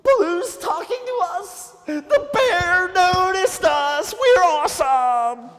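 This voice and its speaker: A man voicing a troop of silly, boastful jungle monkeys who shout in shrill, excited voices. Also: slow, big-room sound, full character voice. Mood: gleeful.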